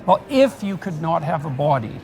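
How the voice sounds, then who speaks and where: A man speaks in a deliberate, measured way at a public talk, walking through a thought experiment. His fairly high voice has a gravelly edge, and a live audience is heard in the hall. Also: big pitch swings, crowd noise. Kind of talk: measured intellectual discussion.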